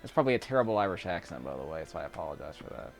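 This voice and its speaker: A man's voice: deep voice, big pitch swings, very fast, soft background music. A man giving casual, rambling commentary while playing a video game, chuckling often between remarks. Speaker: YouTube gameplay commentator. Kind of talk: casual let's-play commentary.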